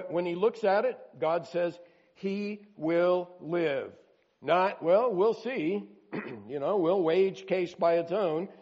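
A man's voice: high-pitched, highs cut off. Earnest preacher man in a reverberant hall. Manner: earnest, emphatic preaching with rising and falling intensity. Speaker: pastor. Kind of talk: sermon.

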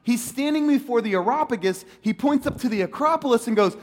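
Lively high-voiced male preacher. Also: a little fast, big-room sound. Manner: animated, conversational preaching with jokes. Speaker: pastor. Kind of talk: sermon.

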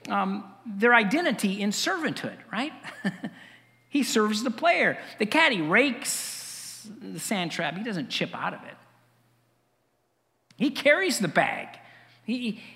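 Gravelly, lively preacher in a reverberant church. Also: male voice, sits high, unhurried. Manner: conversational, wry preaching with asides and chuckles. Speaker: pastor. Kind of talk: sermon.

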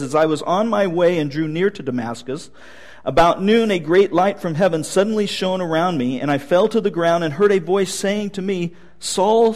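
Male pastor, fairly high voice, storytelling sermon with light jokes. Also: darkish tone.

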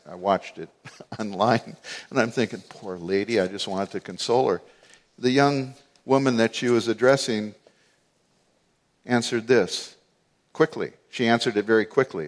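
A man's voice: lowish voice, moderate pace. A man preaching a sermon, mostly conversational and rising to emphatic peaks. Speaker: pastor.

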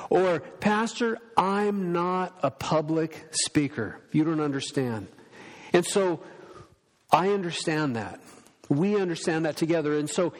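A man's voice: fairly high pitch, a little mellow. A male pastor preaching a sermon, earnest and storytelling, acting out the voices of people he quotes. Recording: long hall reverb.

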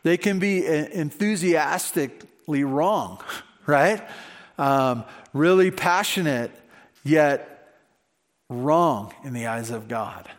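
A man's voice: a little high, animated, slow. A male pastor preaching a sermon in a conversational way, with rhetorical questions. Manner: conversational, many fillers and restarts, rhetorical questions.

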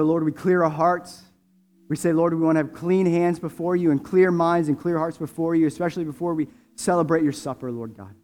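A male preacher with a high-pitched voice leads a sermon and prayer. He drops to hushed, intimate prayer, then rises to loud, drawn-out, impassioned declarations. Faint music plays beneath him. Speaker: pastor.

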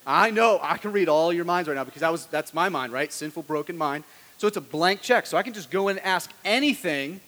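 A man's voice: high-pitched, a bit bright, in a large hall. A man preaching a sermon as a pastor in a conversational style, often asking his listeners "right?".

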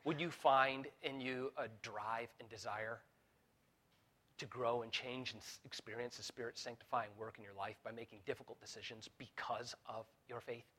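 A man preaching a sermon as pastor, building to fervent peaks, with halting restarts and fillers along the way. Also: medium pitch, steady tone, bright, forceful tone, slightly rough. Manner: preaching with rising intensity, voicing Jesus in quotes.

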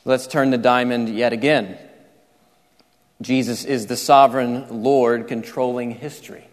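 A man's voice: mid-range voice, fairly even intonation, measured pace. A man preaching a sermon, explaining scripture step by step and often restarting his sentences. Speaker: pastor. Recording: reverberant large hall.

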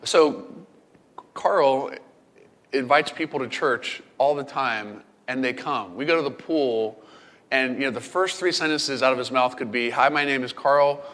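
Middle-aged pastor preaching in a reverberant hall. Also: male voice, medium pitch, measured pace. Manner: storytelling, playful and animated. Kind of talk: sermon. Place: camp meeting hall.

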